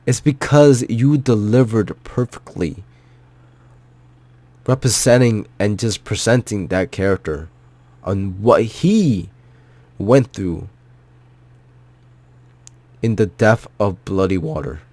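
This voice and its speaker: A man's voice: fairly low pitch, expressive, slow, long pauses, a little mellow, no echo. A man giving an emotional, heartfelt movie reaction, choked up and near tears, repeating himself and swearing. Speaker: vlogger.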